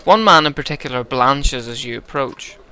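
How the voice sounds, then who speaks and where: A man's voice: medium pitch, expressive, moderate pace, pushed and bright, clean tone. A tipsy man narrating a story game, joking and rambling between lines. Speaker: let's-play narrator.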